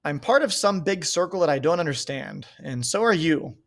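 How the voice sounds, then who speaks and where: A man's voice: fairly high pitch, animated, normal speed. A man doing an earnest, remorseful teenage boy. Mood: pleading. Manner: earnest, pleading.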